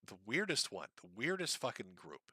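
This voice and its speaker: Man, livestream host, sardonic and crude, deadpan, bright tense voice, dry close sound. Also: mid-range voice, moderate pace, slightly rough, no room sound. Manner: sardonic, profane, deadpan delivery with sighs and laughs. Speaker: streamer reading donations. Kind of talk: casual livestream chat.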